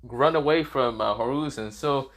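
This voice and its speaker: A man's voice: medium pitch, moderate pace, a bit bright, lightly acted. A man voicing a laid-back adult male ninja teacher who talks hesitantly, in a narrated anime fan story.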